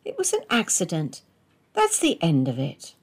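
A woman's voice: lowish voice, wildly swooping pitch, moderate pace, breathy edge, full character voice. A woman voicing a grown daughter who speaks in a firm, warning tone.

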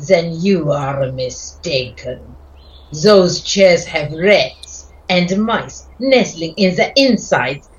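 A woman's voice: medium pitch, low-quality recording. A woman playing Olga, an indignant wife scolding her husband.

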